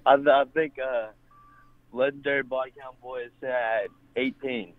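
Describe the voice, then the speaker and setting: A man's voice: mid-range voice, flat delivery, measured pace, dry recording. Eighteen-year-old man on a tinny phone line. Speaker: phone-in guest. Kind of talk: casual chat.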